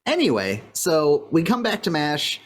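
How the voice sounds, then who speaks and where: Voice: medium pitch, huge pitch swings, a little slow, slightly rough. A podcast co-host casually recapping a TV episode, talking in a loose, rambling way full of filler words. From California. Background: faint fan or air-conditioner hum.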